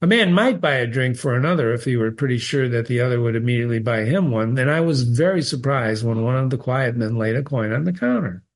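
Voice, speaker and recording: A man's voice: medium pitch, lively intonation, quick pace, few pauses. Man reading a short story aloud. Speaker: reader.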